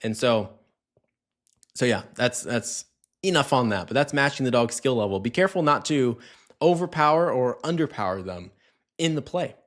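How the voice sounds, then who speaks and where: A man's voice: medium pitch, animated, normal speed, fairly bright tone. A man giving a casual, conversational dog training lesson, often checking in with "right?" and acting out little scenes. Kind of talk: casual instructional talk.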